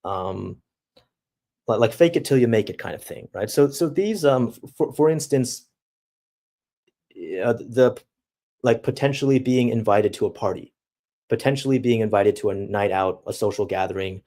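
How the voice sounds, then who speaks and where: A man's voice: mid-range voice, moderate pace, warm tone. A young man streaming live, talking casually and reading out chat in a laid-back, slangy way full of dude and bro.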